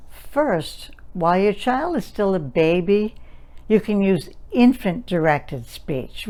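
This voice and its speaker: A woman giving an instructional talk to parents in a calm, patient explaining manner. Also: lowish voice. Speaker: language development educator.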